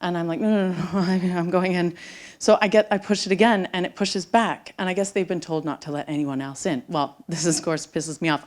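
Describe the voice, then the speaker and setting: A middle-aged woman telling a personal story live on stage to an audience, dramatic and swinging from loud bursts to hushed whispers. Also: fairly low pitch, steady tone, a little fast. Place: theater stage before an audience.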